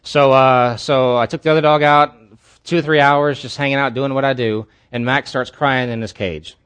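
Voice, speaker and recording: Pastor, male, mid-pitched, earnest candid storyteller, preaching a sermon at a church service. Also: steady tone, normal speed, fairly bright tone, smooth.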